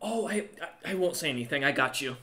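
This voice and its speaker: A man's voice: on the high side, lively intonation, fast talker, roomy sound, crowd noise, lightly acted. A man voicing a chatty, eager noblewoman who trails off with ums, in a tabletop game. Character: friendly woman noble, chatty sister.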